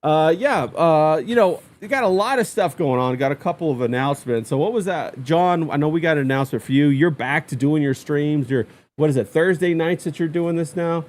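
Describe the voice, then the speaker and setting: Stream host, slightly higher-pitched man, laid-back, hesitant, warmly greets chat. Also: fairly quick, hardly any pauses. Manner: casual, lots of fillers, shouting out chat. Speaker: podcast host. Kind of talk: casual livestream chat.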